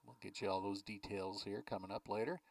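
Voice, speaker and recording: A man's voice: fairly even intonation, a little fast, gravelly, a little mellow, no room sound, recorded from a distance, rough recording. Easygoing male baseball play-by-play announcer. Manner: easygoing, chatty between pitches.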